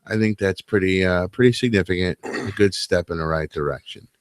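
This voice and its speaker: A man's voice: low voice, a little fast, no echo, clean studio sound. A man co-hosting a casual late-night podcast, opinionated and crude, often restarting his sentences. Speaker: podcast co-host. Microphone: webcam setup.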